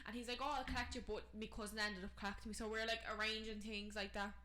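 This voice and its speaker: Fast-talking bright Dublin woman. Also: medium pitch, level tone, roomy sound. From Ireland. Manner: rapid, rambling storyteller. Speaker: podcast co-host. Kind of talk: casual chat.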